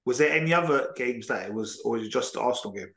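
A man from Britain co-hosting a podcast, relaxed and teasing while steering the conversation. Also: mid-range voice, fast talker, vocal fry, echoey room. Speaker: podcast co-host. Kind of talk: casual chat.

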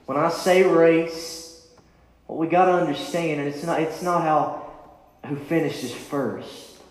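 A man's voice: a little high, fairly even intonation, slow pace. A man preaching a sermon in a church, with rising, impassioned calls and repeated refrains. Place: church sanctuary. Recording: echoey church hall.

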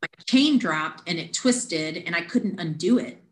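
A woman on a podcast telling a lively personal story in casual chat, acting out the people in it. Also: fairly low pitch, measured pace, slight background noise. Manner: animated, acts out quoted voices. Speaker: podcast guest. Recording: roomy echo.

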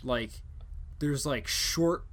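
A man's voice: medium pitch, drawn-out words, a bit bright. A young man hosting a casual podcast chat, rambling and joking with casual swearing. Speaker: podcast host.

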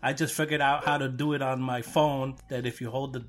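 A man's voice: mid-range voice, level tone, a little fast, a bit bright. A man from Brooklyn hosting a podcast, rambling and self-deprecating in casual chat. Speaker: podcast host.

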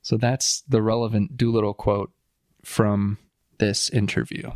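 A man co-hosting a casual podcast, reading quotes aloud and chatting with dry, deadpan humor. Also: on the low side, measured pace, no echo. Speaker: podcast co-host.

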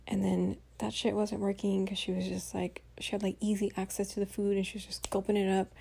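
A tired woman talks in a casual spoken-diary podcast, chatty and venting, full of fillers and the odd swear. Her voice is mellow and slightly husky, with a middling pitch. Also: little pitch movement, a little fast. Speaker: podcast host. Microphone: home voice recording.

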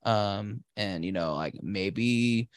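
A man's voice: lowish voice, takes it slowly, no echo. A man co-hosting a podcast, ranting and cursing about his week in casual chat. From Pacific Northwest. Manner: profane, ranting, sarcastic. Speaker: podcast co-host.

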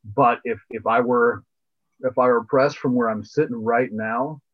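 A man's voice: mid-range voice, fairly even intonation, a little slow. A man co-hosting a podcast, chatting casually in a laid-back way and circling back over his own words as he thinks. His voice sits in a middle range, and the recording comes through dull and lo-fi. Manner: laid-back, repeats phrases while thinking. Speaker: podcast co-host. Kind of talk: casual chat.

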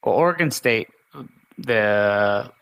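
A man's voice: on the low side, animated, slow, a bit bright, clean tone, low-quality recording. A man co-hosting a casual sports talk show, with dry, sarcastic humor. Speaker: podcast co-host.

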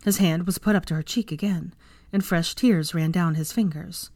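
Low-voiced woman reading a story aloud. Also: normal speed, dark tone, dry recording. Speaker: fan fiction reader. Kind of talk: audiobook narration.

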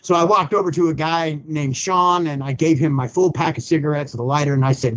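Talking quickly with few pauses, a pastor with a higher voice tells his recovery testimony as a podcast guest, blunt and colloquial, voicing the people he quotes. The recording sounds muffled.

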